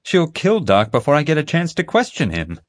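A man voicing a stern, commanding woman FBI agent in an audiobook, brisk and insistent. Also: fairly low pitch, sing-song, no room sound, clean studio sound. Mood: exasperated. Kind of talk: audiobook character voice.

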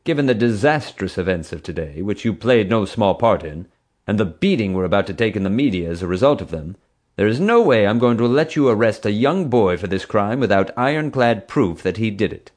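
A man's voice: on the low side, animated, fairly quick, darkish tone, voice pushed up. A man reading an audiobook voices a stern, commanding female theme park boss who gives curt orders. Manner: curt, bossy, clipped orders.

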